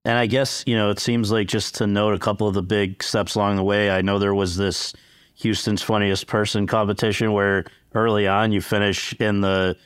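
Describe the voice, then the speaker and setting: A man interviewing a guest, asking halting, meandering questions. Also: on the low side, little pitch movement, clean tone, no room sound, studio quality.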